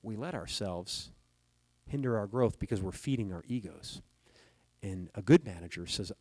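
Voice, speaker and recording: Low-voiced man giving a motivational keynote. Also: expressive, normal speed, darkish tone, no echo, rough recording. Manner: storytelling, addresses the audience directly. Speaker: keynote speaker. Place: conference hall stage.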